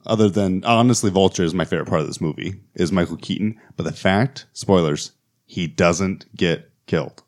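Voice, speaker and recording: A man with a notably deep voice in casual podcast conversation. He jumps in eagerly and sometimes restarts his sentences mid-thought. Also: normal speed. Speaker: podcast co-host. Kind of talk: casual chat.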